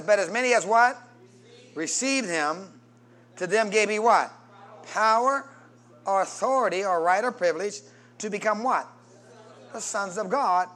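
A man preaching a sermon as pastor, calling out to the congregation for answers and swinging between loud peaks and soft low passages. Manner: call-and-response preaching, prompting the congregation.

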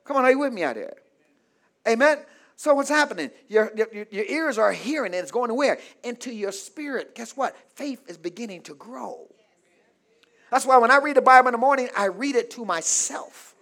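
Male preacher with a very high voice, call-and-response sermon, swings between shouting and murmuring. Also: expressive, normal speed, creaky. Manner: call-and-response, asks the congregation to fill in words.

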